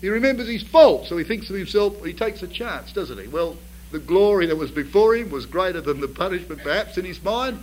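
A man's voice: sits high, expressive, brisk, poor audio. A man preaching a sermon to a congregation. He tells the story vividly, asks rhetorical questions and builds to emphatic bursts.

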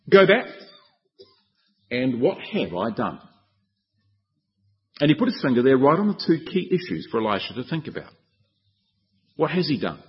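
Guy preaching on scripture, lively up and down voice, asks the crowd questions, kinda dull muffled recording. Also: a little high. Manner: animated, rhetorical questions, acts out quoted speech. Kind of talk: Bible exposition sermon.

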